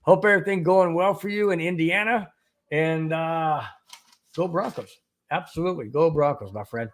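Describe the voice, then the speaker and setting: A middle-aged man hosts a live sports show from home, chatting loosely and often repeating himself as he restarts sentences. His voice sits a little higher than most men's. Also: moderate pace. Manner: rambling, repeats words, reads chat aloud. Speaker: sports podcast host. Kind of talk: casual live-stream talk.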